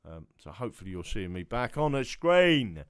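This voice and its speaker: Tired, rambling man with a smooth low voice. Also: very animated, moderate pace, dry recording, studio quality. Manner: rambling, chatty, trails off into muttering. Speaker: livestream host. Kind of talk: casual livestream monologue.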